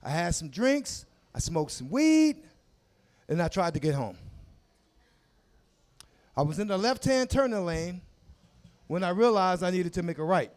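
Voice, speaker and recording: A man in his forties tells crude stories on a comedy club stage, his voice very high and swinging widely in pitch. He talks loudly into a handheld mic and shouts his punchlines. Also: measured pace, pauses often. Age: 40s. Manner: loud, crude, animated storytelling with shouted asides. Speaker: stand-up comedian. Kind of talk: stand-up comedy set.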